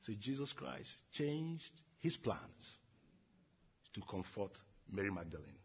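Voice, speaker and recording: A man's voice: lowish voice, very animated, takes it slowly, highs cut off, slight background noise. A man preaching an earnest sermon, repeating and building his phrases. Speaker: pastor.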